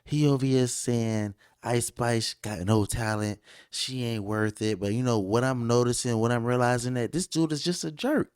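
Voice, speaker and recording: A man's voice: mid-range voice, normal speed, a little mellow, smooth, no echo, studio quality. A man hosting a casual podcast, joking and boasting in slangy talk. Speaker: host.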